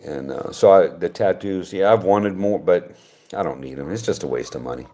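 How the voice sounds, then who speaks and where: A man's voice: deep voice, animated, normal speed, warm tone. An older man from West Virginia, hosting a casual livestream chat and answering viewer comments in a rambling, conversational way. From West Virginia, United States. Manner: rambling, conversational, frequent restarts. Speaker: channel host reading viewer comments.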